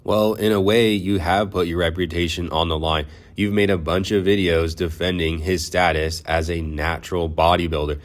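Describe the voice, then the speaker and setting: Low-voiced man mocking sarcastically. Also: moderate pace, few pauses. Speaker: commentary YouTuber. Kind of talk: reaction commentary.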